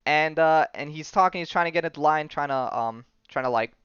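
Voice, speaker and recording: A young man hosts a casual comic book podcast, rambling through the story, laughing and acting out the characters' lines. His voice sits a little high and sounds smooth. The recording is dry and somewhat dull. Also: brisk, a bit bright, dry recording. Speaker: podcast host.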